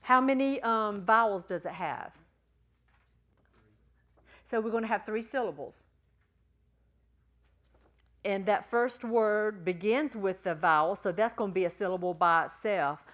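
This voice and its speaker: A woman's voice: mid-range voice, fairly bright tone. Patient woman teaching Greek sounds. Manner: patient, spells out letters and sounds slowly. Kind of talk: classroom teaching. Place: church classroom.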